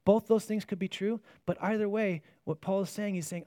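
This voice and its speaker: A man with a fairly high voice preaches a sermon, earnest and searching, doubling back on his words as he works through each point. He puts rhetorical questions to his listeners, and the recording is close and dry. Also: fairly even intonation, normal speed, few pauses, warm tone, no room sound. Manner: earnest, repeats words as he restarts phrases.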